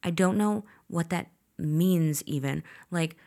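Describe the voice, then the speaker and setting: A woman's voice: on the low side, slow pace, warm tone. A young woman hosting a podcast, telling a personal story in a blunt, profane way, full of "like" and acted-out dialogue. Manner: blunt and profane, heavy filler 'like', reenacts dialogue. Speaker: podcast host. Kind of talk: candid storytelling monologue.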